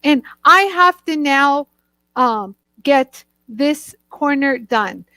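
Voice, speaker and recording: A woman's voice: sits high, lively intonation, very slow, bright, forceful tone, no echo, poor audio. A woman hosting a chatty live demonstration, bubbly and laughing often, greeting viewers by name. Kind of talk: chatty live product demo.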